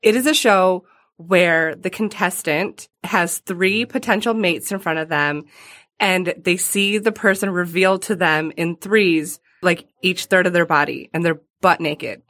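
A woman's voice: lowish voice, measured pace, fairly bright tone. A woman chatting casually on a podcast, giggly and full of fillers.

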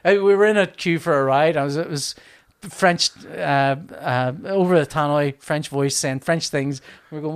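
A man in his thirties tells stories with animation, acting out his own reactions, laughing often and swearing in casual conversation. His voice is fairly high in pitch and clean in tone, and he speaks a little fast.

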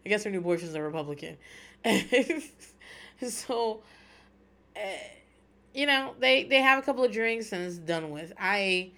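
A middle-aged woman hosting a casual chat, talking in an animated, rambling way with plenty of swearing and laughter. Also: medium pitch, measured pace, long pauses. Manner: animated, profane, laughs often, rambling asides. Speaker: podcast host recapping reality TV.

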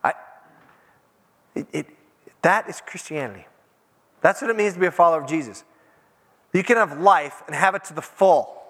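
A man preaching a sermon in an animated, conversational way, acting out quotes as he goes. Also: a little high, moderate pace, pauses often. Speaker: pastor. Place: church. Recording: long church-hall reverb.

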